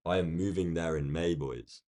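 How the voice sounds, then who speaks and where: A man with a London accent chatting casually on a live stream, rambling along and answering viewers' comments from a quiet room. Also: sits low, moderate pace. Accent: London English. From United Kingdom. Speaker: day-trading live streamer.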